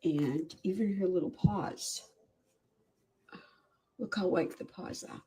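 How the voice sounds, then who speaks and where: A woman animal rescuer giving video updates on a sick kitten, animated and cooing at it in baby talk, recorded indoors on a phone. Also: lowish voice, takes it slowly, husky.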